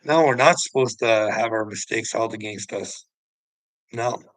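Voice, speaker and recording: A man's voice: lowish voice, unhurried, fairly bright tone, no room sound, low-quality recording. A man ranting on a livestream, preachy and taunting, swearing and mocking the person he addresses. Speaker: channel host. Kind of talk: confrontational livestream rant.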